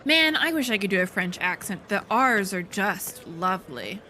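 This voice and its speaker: A woman's voice: mid-range voice, big pitch swings, moderate pace, sharp tone, a little hiss or hum. A woman streaming a game, chatting casually with joking asides. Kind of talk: casual gameplay commentary.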